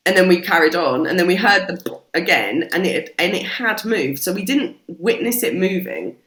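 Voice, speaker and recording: A British woman, a podcast guest, telling stories in a casual, animated way and swearing freely. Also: fairly low pitch, moderate pace. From Britain. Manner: animated, swears freely, acts out quoted voices. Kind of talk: casual storytelling chat. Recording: roomy echo.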